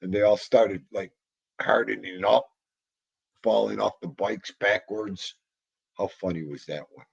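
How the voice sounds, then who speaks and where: A low-pitched man chats on his livestream, wandering between thoughts and muttering to himself while he answers chat. The sound is dull and dry, with no room behind it. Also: fairly even intonation, measured pace, gravelly, pauses often, breathy edge, no echo. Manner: rambling, nostalgic, muttering asides to himself. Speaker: livestream host. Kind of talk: casual livestream chat reading comments.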